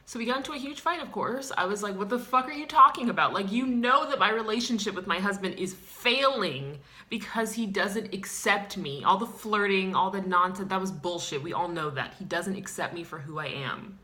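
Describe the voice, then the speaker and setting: A woman's voice: medium pitch, normal speed, few pauses, sharp tone, natural voice. A woman playing a self-pitying woman who identifies as a clown, in a comedic character vlog, sighing and ranting with dramatic outbursts. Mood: indignant.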